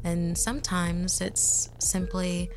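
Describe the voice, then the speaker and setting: A woman host reading a ghost story aloud in a measured way, dropping to a whisper at eerie moments. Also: lowish voice, steady tone, darkish tone, faint music behind.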